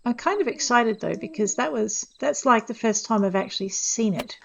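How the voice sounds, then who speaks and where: A woman's voice: a little high, lively intonation, moderate pace, vocal fry, lo-fi sound, slight background noise. A woman chatting casually to her viewers as she plays a game, self-deprecating and talkative. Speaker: gameplay narrator. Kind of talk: casual let's-play commentary.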